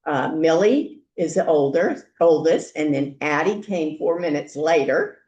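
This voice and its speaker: A woman's voice: deep voice, animated, darkish tone, roomy sound, dull audio. Chatty older woman hosting a meeting. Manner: chatty, halting, with many fillers. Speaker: meeting host. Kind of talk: casual welcome remarks. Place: meeting room.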